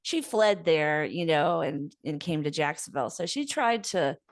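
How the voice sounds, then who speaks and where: A woman from Florida hosting a relaxed podcast interview, easygoing and laughing often. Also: deep voice, normal speed, dry recording, studio quality. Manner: relaxed, laughs easily, many fillers. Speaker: podcast host. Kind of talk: casual interview. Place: lives in Southern California.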